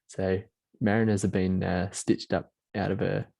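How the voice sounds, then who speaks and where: A lower-voiced Australian man with a mellow, warm tone, chatting about football in a casual way. The room sounds dry and close. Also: flat delivery, a little slow, creaky, dry recording. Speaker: co-host.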